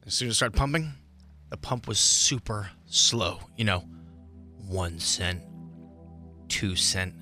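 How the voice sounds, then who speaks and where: A man co-hosting a morning radio show, telling a story in an animated way and acting out his own shouting. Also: fairly low pitch, takes it slowly, pauses often, faint music behind. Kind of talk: casual radio banter.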